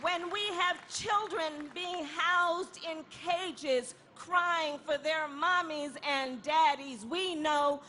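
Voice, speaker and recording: A woman giving an impassioned protest rally speech outdoors, repeating a refrain and building to shouts. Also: high voice, slow pace, hardly any pauses, a faint crowd, a little hiss or hum. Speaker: rally speaker.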